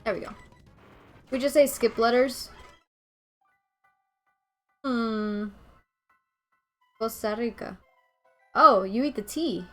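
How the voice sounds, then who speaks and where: A woman in her twenties from Venezuela, a game streamer chatting casually and rambling with her viewers, quick to laugh. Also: on the high side, faint music behind.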